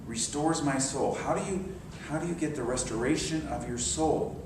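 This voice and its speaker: A man in his sixties preaching a sermon, telling stories and dropping to soft meditative tones. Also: a little high, normal speed, background noise. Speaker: minister. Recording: very echoey hall, mic far off.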